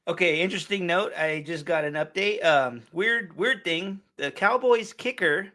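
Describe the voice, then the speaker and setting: A man's voice: fairly high pitch, sharp tone. A man co-hosting a casual sports talk show, blunt and laughing often as he reads out keys and stats. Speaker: show co-host.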